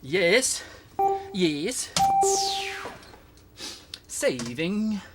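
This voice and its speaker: A man's voice: high-pitched, sing-song, extremely slow, loud music behind the voice. A man streaming a dance game, chatting casually and laughing while he catches his breath. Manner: breathless, laughing, many fillers. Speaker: gaming streamer. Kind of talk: casual gameplay commentary.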